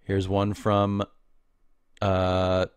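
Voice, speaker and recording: A man's voice: deep voice, monotone, drawn-out words, clean tone, no room sound, clean studio sound. A man hosting a podcast, telling loose, meandering stories in casual slang and often laughing at himself. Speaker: podcast host. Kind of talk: casual rambling monologue.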